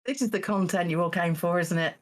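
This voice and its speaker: A woman's voice: on the low side, fairly quick. A woman hosts a live charity game stream. She keeps a dry, teasing tone. Her speech is loose and chatty, full of ums and self-corrections. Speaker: host running a charity game show stream. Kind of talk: casual live-stream hosting.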